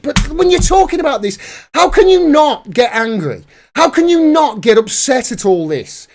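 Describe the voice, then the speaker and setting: Angry man ranting, lively pitch. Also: moderate pace, hardly any pauses, slight background noise. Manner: angry, profane, heated ranting. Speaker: political commentator, livestream host. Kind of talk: live ranting commentary.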